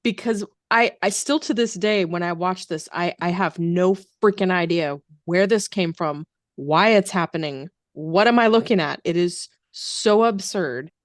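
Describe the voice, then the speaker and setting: A woman's voice: on the low side, unhurried, no room sound. Woman guest, blunt and exasperated, casual swearing, dry close-mic sound. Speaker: podcast guest. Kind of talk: casual movie chat.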